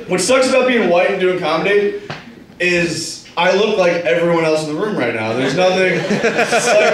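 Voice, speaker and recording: A young man tells loose, profane, self-mocking stories in a stand-up set, his voice sitting high for a man. He sounds far from the recorder in a very echoey room. An audience laughs loudly around him. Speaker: stand-up comic. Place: small comedy club stage.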